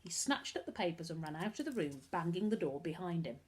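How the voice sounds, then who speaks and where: A woman reading a children's chapter book aloud in an expressive, animated way. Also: fairly low pitch, a little fast.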